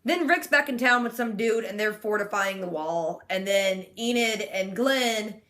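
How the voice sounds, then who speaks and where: Speaking a little slowly, a woman vlogger in her twenties sarcastically recaps a TV episode, chatting casually and saying "like" constantly. Her voice is medium-pitched with a fairly bright tone.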